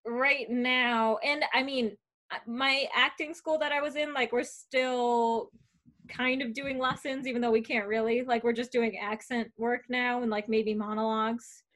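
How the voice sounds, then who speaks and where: A young woman with a notably high voice talks loosely on a podcast. She's an actor, chatty and quick to laugh. She swears casually between thoughts. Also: fairly even intonation, fairly bright tone. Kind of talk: casual chat.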